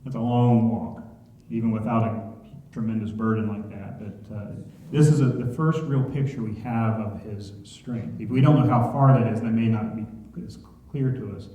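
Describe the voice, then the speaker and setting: A man from Ohio leads a Bible study in a church sanctuary, keeping it conversational and often asking the congregation questions. His lowish, mellow voice holds a steady tone at a moderate pace, and the echoey church hall makes the sound dull.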